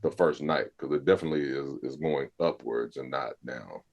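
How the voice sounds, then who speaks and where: A man co-hosting a movie review podcast, talking in a laid-back, rambling, profane way with drawn-out hesitations. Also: very deep voice, gravelly, husky, muffled recording. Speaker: podcast co-host. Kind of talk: casual movie review chat.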